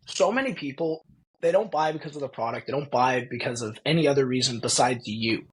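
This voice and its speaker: A young Canadian man with a Canadian accent, a podcast guest telling stories in a lively way and laughing often. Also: on the high side, rough recording. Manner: animated storyteller, laughs often, acts out quoted voices. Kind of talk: casual storytelling.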